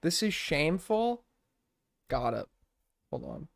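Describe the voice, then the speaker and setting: Profane streamer ranting into a dry mic. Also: male voice, fairly high pitch, huge pitch swings, slow, vocal fry, no room sound. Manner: profane, mocking, rants. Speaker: streamer host. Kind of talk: casual live-stream commentary.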